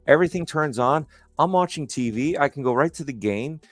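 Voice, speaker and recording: A man's voice: on the high side, expressive, brisk, no echo, faint music behind. A man hosting a casual podcast chat, telling stories in a rambling, enthusiastic way. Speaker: host.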